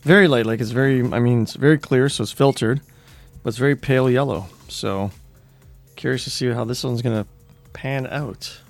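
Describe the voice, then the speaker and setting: A man hosting a casual beer-tasting podcast, losing his voice and talking in a relaxed, hesitant way with lots of fillers. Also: medium pitch, normal speed, gravelly, faint music behind. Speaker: podcast host.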